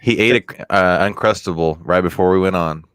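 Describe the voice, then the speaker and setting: A man's voice: sits low, fairly quick, a bit bright, clear, resonant tone, dry recording. A man co-hosting a casual podcast chat, jokey and chatty, laughing easily. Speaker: podcast co-host.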